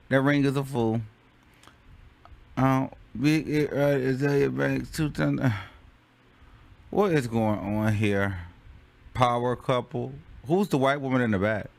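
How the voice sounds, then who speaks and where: A man's voice: mid-range voice, slow pace, creaky, dry recording. A man hosting a casual commentary show, laughing often and acting out scenes dramatically. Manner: laughing, animated, dramatic reenactments. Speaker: host.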